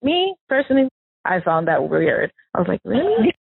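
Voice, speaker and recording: A woman, the victim's sister, recounting memories of her sibling in an emotional, animated way, acting out the dialogue she quotes. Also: fairly low pitch, moderate pace, gravelly, breathy edge, no room sound. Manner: animated storyteller who acts out quoted dialogue. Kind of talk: emotional first-person recollection. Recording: tinny phone-line audio.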